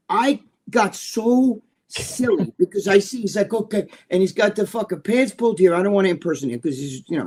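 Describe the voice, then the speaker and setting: An older man co-hosting a podcast, telling a story in a profane, animated way and laughing as he goes. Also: high voice, slightly rough. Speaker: podcast co-host. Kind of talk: casual storytelling chat.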